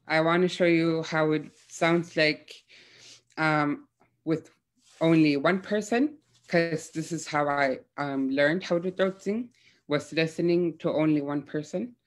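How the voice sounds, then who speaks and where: A young woman teaching throat singing in a gentle, hesitant way, with many fillers. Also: sits low. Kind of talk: casual spoken lesson with demonstrations.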